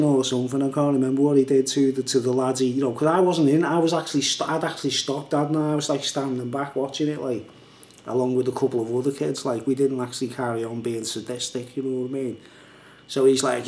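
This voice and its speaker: A man's voice: mid-range voice, quick pace, warm tone, roomy sound. A man telling a story in a rambling, casual way, laughing often and filling gaps with "like" and "you know". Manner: rambling, laughing often, heavy use of fillers. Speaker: vlogger.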